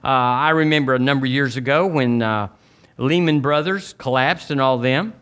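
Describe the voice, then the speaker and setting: A man preaching a sermon as pastor, telling folksy stories and acting out quotes in sudden high voices. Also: moderate pace, a bit bright, clean tone. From Southern US.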